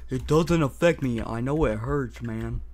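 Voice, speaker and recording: A man's voice: mid-range voice, a little slow, darkish tone, lightly acted. A man voicing a grown man with a taser who taunts his victim in a mocking tone. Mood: gloating. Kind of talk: voiced game role-play.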